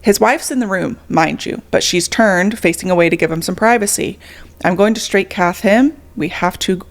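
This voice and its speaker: Mid-pitched woman telling a blunt work story. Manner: brisk storyteller, quick agreeing interjections. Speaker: ICU nurse. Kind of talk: casual podcast chat.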